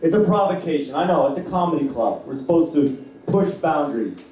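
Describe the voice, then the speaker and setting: A man's voice: fairly high pitch, lively intonation, a little fast, darkish tone, a little hiss or hum. A man from Canada doing a stand-up comedy set. He jokes loosely with the crowd and acts out voices of family members. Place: comedy club. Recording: echoey club heard from a distance.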